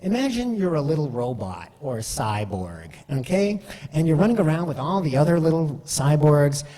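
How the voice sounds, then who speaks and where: A man's voice: fairly high pitch, sing-song, moderate pace, dark tone, long reverb tail. A man giving a conversational storytelling talk, full of fillers and asides like "right?". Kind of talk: storytelling presentation.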